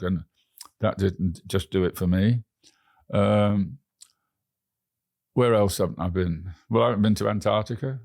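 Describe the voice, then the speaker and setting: A man's voice: on the low side, vocal fry, darkish tone, no room sound, studio quality. A man with an English accent, a guest telling rambling travel stories in an interview, often restarting his words. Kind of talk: anecdotal storytelling.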